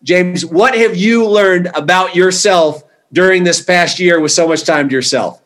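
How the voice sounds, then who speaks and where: A man's voice: high-pitched, unhurried, fairly bright tone. A man hosting a comedy show, chatting and introducing the next performer. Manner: chatty, laughing between lines.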